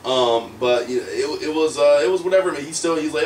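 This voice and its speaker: A young American man recalls his wrestling days in an animated, laughing way, often starting sentences over. His voice sits a little away from the mic in a roomy, echoing space. A faint hum of ambience runs underneath. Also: mid-range voice, quick pace, few pauses, far from the mic. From United States. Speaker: professional wrestler, guest. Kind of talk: candid storytelling interview.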